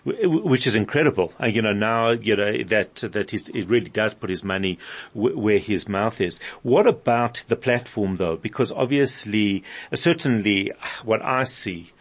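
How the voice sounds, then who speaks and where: Low-voiced male talk host, stammering restarts. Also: moderate pace. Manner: stammering restarts when excited. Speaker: radio talk show host. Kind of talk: live interview.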